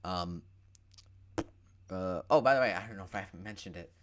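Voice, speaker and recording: A man's voice: low voice, moderate pace, slight background noise. A young man giving a profane, sarcastic movie recap, full of filler words and swinging between mutters and outbursts. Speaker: movie reviewer.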